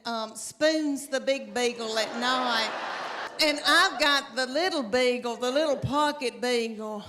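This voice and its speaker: On a large theater stage before an audience, a middle-aged stand-up comedian from East Tennessee tells chatty, self-deprecating stories in a drawn-out, folksy Southern accent. Her voice sits high and sounds pushed and bright. The recording has long hall reverb, clear audience ambience, and a little hiss or hum.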